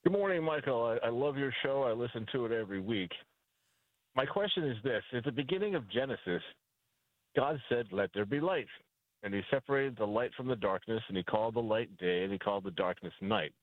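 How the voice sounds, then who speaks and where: A man's voice: medium pitch, lively intonation, fairly quick, no echo. Male caller on a tinny phone line. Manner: polite, reads out scripture. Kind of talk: call-in question.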